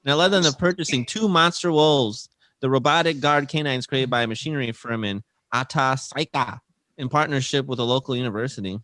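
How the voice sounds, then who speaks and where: A man's voice: medium pitch, a little fast, fairly bright tone, no room sound. A man co-hosting a casual podcast, reading odd news stories and laughing through his own lines.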